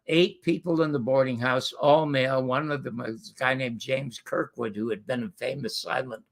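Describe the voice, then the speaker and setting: A man's voice: medium pitch, creaky, a bit bright. An older man from Canada, a guest telling rambling anecdotes full of fillers and restarts in casual conversation. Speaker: guest storyteller.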